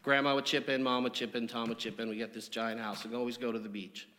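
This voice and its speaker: A man delivers a eulogy made of funny, rambling anecdotes. His medium-pitched voice rings out with a long reverb tail, as in a large hall. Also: flat delivery, fast, sharp tone. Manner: humorous, anecdotal storytelling. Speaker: eulogy speaker. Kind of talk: memorial eulogy.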